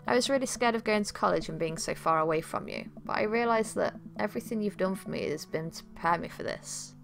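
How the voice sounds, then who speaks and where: A woman's voice: mid-range voice, fast talker, gravelly, soft background music, close to an everyday voice. A woman reading a wry college-bound daughter. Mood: sincere. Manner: wry, affectionate. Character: teen girl, daughter leaving for college, teasing. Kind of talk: game dialogue read aloud.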